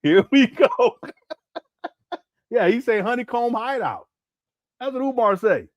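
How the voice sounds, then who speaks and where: A man's voice: very high-pitched, expressive, measured pace, no room sound. A man commenting casually on a live stream, laughing often and mocking what he plays.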